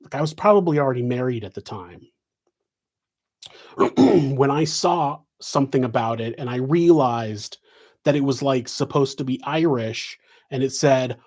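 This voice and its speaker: A man's voice: medium pitch, darkish tone. A middle-aged man hosting a live question-and-answer stream, talking in a loose, meandering way with many restarts. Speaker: host answering viewer questions. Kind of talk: rambling live Q&A chat. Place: home office.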